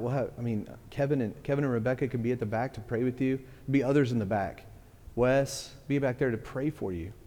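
Middle-aged guy preaching, earnest, repeats himself, mellow tone, big echoey church. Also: lowish voice. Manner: earnest, repeats words, restarts phrases. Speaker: pastor. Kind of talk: sermon. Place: church hall. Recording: long reverb of a hall.

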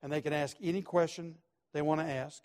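Emphatic higher-voiced male pastor. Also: steady tone, a little fast. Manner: emphatic, repetitive, swings from quiet to loud. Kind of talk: sermon.

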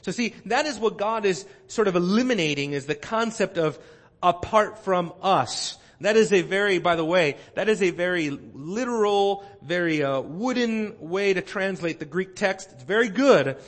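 A man preaching a sermon in a church, his voice sitting a little high for a man. He teaches earnestly, restarting phrases and filling pauses as he works through a text. The sound rings with the long reverb of a large hall. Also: animated. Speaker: pastor. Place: church sanctuary.

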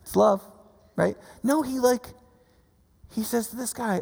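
A male pastor delivering a casual, animated sermon, his voice high-pitched with a gravelly edge. He slips into the voices of the people he quotes. His words ring out with a long reverb from a large hall. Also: a little slow, pauses often. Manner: conversational, animated, acts out quotes.

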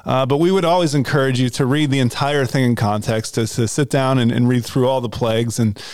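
A man, a pastor, hosting a church podcast in a relaxed, talkative way. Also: medium pitch, a little fast, dry recording. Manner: relaxed, talkative, with frequent restarts. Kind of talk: casual chat.

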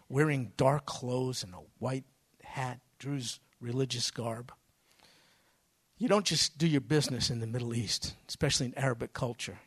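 A man's voice: medium pitch, slightly rough. A man preaching a sermon from the pulpit, telling stories with folksy phrasing and sudden bursts of emphasis. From United States. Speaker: pastor.

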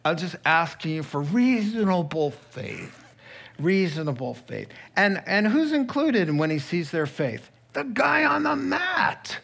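A man preaching a sermon, telling a Bible story with lively acted-out quotes and asides. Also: high-pitched. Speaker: pastor.

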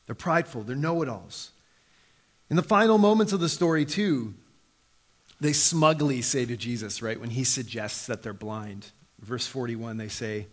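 A pastor in his thirties preaches conversationally, acting out the voices he quotes with sudden jumps in pitch. He sounds animated and a bit bright, speaking at a moderate pace.

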